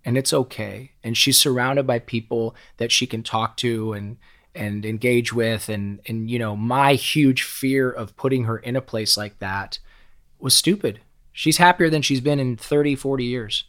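A man's voice: medium pitch, a little slow, fairly bright tone. A middle-aged man as a podcast guest, telling personal stories in a candid, emotional way, swearing freely and often repeating and restarting words. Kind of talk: candid conversational storytelling.

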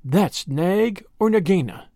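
A proud little mongoose hero, brisk and scornful, ready for a fight, as a man reading the story puts him on. The voice rides high with lively swings and a slight rasp. It is a dry, close reading. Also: no echo, full character voice. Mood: bold scornful. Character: brave, proud young male mongoose.

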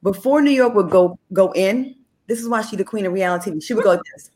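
A woman guest on a call-in show, candid and quick to laugh. She tells her behind-the-scenes stories in a relaxed, mid-pitched voice. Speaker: guest, former reality TV cast member. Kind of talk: casual interview chat.

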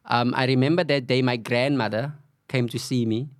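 A middle-aged podcast guest from the Cape Flats in South Africa candidly tells a story, acting out what people said and often saying "you know." His medium-pitched voice has fairly even intonation and a moderate pace, recorded at studio quality with no room sound.

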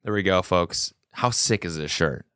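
A man's voice: sits low, moderate pace, a bit bright, clean tone. A man hosting his own podcast in casual chat, loose and joking, with lots of fillers and restarts, recorded on a small studio set. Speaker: podcast host. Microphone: studio podcast mic.

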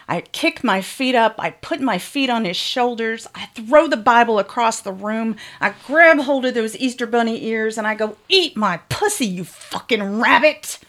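A woman's voice: fairly high pitch, fairly bright tone. A woman frankly telling a bawdy, comic first-person story.

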